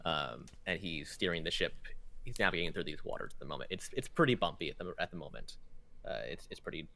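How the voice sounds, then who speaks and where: A hoarse man losing his voice, narrating a tabletop game as game master in a soft, halting way. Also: sits low, animated. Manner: soft-spoken, halting with fillers.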